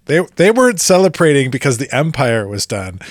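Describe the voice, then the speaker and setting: A man's voice: mid-range voice, big pitch swings, brisk, dry recording, studio quality. A man co-hosting a podcast, chatting in a laid-back, agreeable way. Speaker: podcast co-host. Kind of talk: casual chat.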